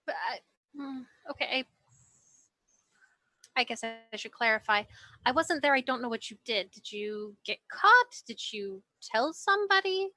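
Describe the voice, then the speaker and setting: A woman playing in a tabletop game, moving in and out of character and asking a lot of probing questions. She speaks in a high, bright voice on a close, dry mic. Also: expressive, a little slow, no echo. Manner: questioning, hesitant with frequent ums. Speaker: player. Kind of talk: tabletop role-play, in and out of character.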